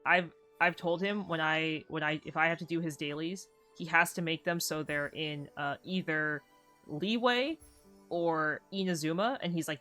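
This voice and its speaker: A woman streamer chats casually while she plays, her tone bright and a touch low, wandering from story to story and acting out little back-and-forths with a friend. Soft game music hums behind her. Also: unhurried. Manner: rambling, chatty storytelling, acting out quotes of friends. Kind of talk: casual live-stream chat while gaming.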